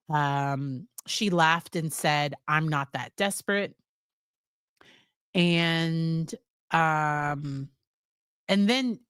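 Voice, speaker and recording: American woman, low-pitched voice, smooth, dry close mic, casual review. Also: fairly bright tone, no echo. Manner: chatty recap with fillers, acts out quotes. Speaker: psychologist reviewing a series.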